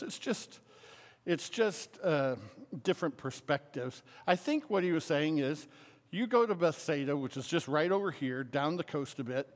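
A middle-aged man preaching a casual, conversational sermon, talking animatedly and filling his speech with everyday fillers. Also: on the high side. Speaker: pastor. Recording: long hall reverb.

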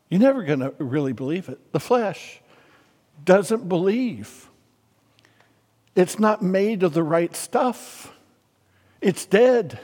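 A male pastor delivers his sermon at an unhurried pace. He tells stories in a conversational way, stumbling and restarting, then rises to emphatic peaks. His slightly high voice carries a long reverb from a large hall. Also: expressive, darkish tone.

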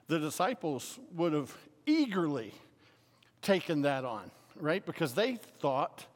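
A middle-aged man preaching a casual, conversational sermon, talking animatedly and filling his speech with everyday fillers. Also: a little high. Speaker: pastor. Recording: long hall reverb.

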